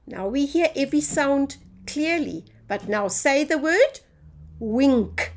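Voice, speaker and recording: Woman as a children's phonics teacher, lively sing-song delivery, unhurried, slightly high voice. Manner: slow, sing-song teacher voice, drawing out sounds. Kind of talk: phonics lesson for young children.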